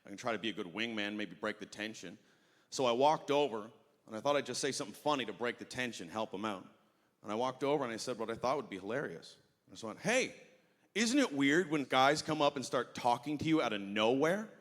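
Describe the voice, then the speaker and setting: A man doing an animated stand-up story, acting out the voices of the people in it. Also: medium pitch, fairly quick. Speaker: stand-up comedian. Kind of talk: stand-up routine. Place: comedy festival stage. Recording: stage recording with long hall reverb.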